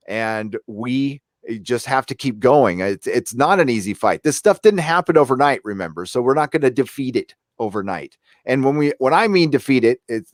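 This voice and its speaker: A man hosting a live stream from his home desk, talking in a blunt, fired-up way to rally his viewers. His voice sits in the middle of the male range, and the sound is close and completely dry, with no room echo. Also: mid-range voice. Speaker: livestream host. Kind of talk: casual live-stream chat.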